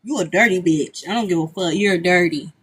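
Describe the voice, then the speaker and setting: A woman with a lowish voice gives a live tarot reading outdoors on a street, streamed from her phone. She talks a little fast, bluntly and profanely, and repeats herself often. The audio is poor, with slight background noise.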